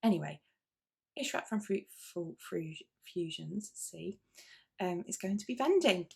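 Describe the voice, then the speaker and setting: A woman's voice: fairly low pitch, animated, measured pace, gravelly, husky. A British woman hosting a knitting video podcast, chatting casually and rambling with frequent asides and restarts. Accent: British English. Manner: chatty and rambling, with frequent self-interruptions and fillers. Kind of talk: casual chat to camera.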